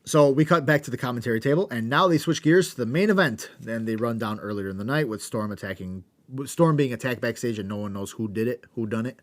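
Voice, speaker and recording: A man's voice: medium pitch, expressive, fast talker. A man co-hosting a podcast, casually recapping an old wrestling show with wry asides and some swearing. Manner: wry, rundown narration with swearing. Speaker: podcast co-host.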